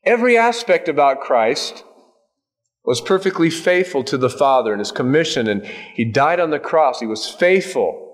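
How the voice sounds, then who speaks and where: A man's voice: a little high, animated, moderate pace. A male pastor preaching a sermon in a conversational way, with folksy asides and touches of humor.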